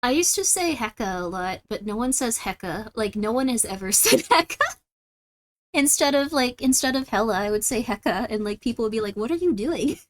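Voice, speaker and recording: A livestream host with a Californian Valley Girl accent talks casually to her viewers in a fairly high voice. She rambles and drops "like" into nearly every sentence. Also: lively intonation, fairly quick, a little hiss or hum. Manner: says "like" constantly, chatty and rambling. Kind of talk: casual stream chat, reacting to viewers.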